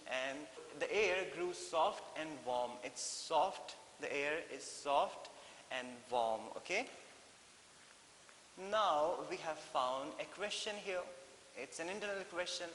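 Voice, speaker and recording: An Indian man teaching an English lesson in a classroom, explaining slowly and repeating phrases with frequent "okay?" checks. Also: fairly high pitch, fairly bright tone. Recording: echoey hall with faint hiss.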